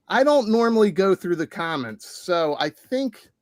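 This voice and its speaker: A man with a slightly high voice hosts a loose, casual chat and rambles between laughs. The recording is dry and close. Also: very animated, unhurried, dry recording. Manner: rambling, laughs while talking. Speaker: podcast host.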